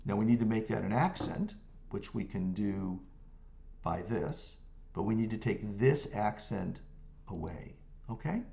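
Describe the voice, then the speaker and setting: A man teaching music notation software step by step, humming rhythms as syllables and checking in with the viewer as he works. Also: lowish voice, expressive, unhurried, creaky. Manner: talks through clicks step by step, hums rhythms as syllables. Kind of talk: screen-recorded software tutorial.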